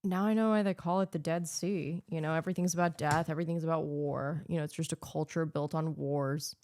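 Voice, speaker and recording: A woman's voice: deep voice, steady tone, a little fast, darkish tone, no echo. Sarcastic ranting woman podcaster, dry sound. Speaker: podcast host. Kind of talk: solo podcast commentary.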